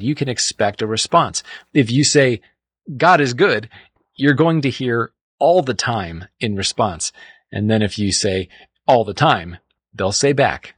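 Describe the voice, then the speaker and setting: A man hosting a Christian radio program, reading a scripted devotional talk in a calm, measured way with slow emphatic phrases. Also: mid-range voice, slightly rough, no room sound. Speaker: radio show host.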